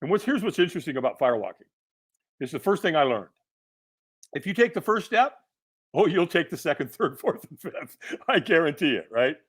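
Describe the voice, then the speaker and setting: A middle-aged man, a podcast guest, telling a personal story in an animated way and acting out the people in it. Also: on the high side, a little fast, husky. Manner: animated storyteller who acts out quoted voices.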